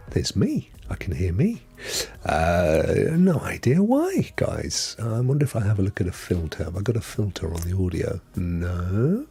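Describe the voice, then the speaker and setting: Middle-aged guy rambling on his live stream, low husky voice, bounces up and down a lot. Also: darkish tone. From London. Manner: chatty, rambling, drops into whispered asides. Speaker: host. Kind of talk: casual live-stream chat.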